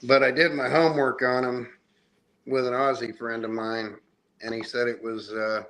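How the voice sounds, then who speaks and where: Showing comics on his loose podcast, the middle-aged host rambles along with easy enthusiasm. His ordinary mid-range voice is a bit bright, delivered flatly at a normal speed.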